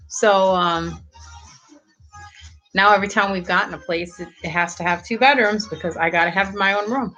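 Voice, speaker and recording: Middle-aged woman, low-pitched, casual live-chat host, rambling and giggly, faint music underneath. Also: unhurried, pauses often, pushed and bright, muffled recording. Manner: chatty, rambling, laughs often. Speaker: livestream host.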